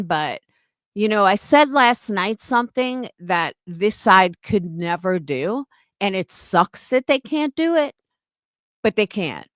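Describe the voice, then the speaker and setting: Thirties woman streamer, heated and indignant, swears freely, measured slow pace. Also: fairly low pitch, no room sound, studio quality. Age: 30s. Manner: blunt, profane and indignant. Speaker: live streamer. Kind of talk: heated live-stream rant.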